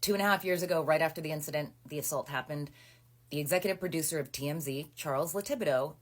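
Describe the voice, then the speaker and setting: A woman in her thirties speaks in a low, deep register as she tells a personal story straight to her phone camera. She sounds animated and indignant, piling on fillers and asides. The sound is close and intimate, recorded indoors in a small room. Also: fast talker. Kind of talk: casual storytime recap to camera.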